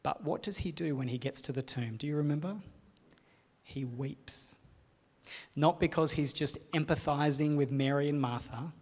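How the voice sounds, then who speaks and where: Man, preacher, sermon, earnest and measured, rhetorical questions, long hall reverb. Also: on the high side, darkish tone. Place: hall with a live audience.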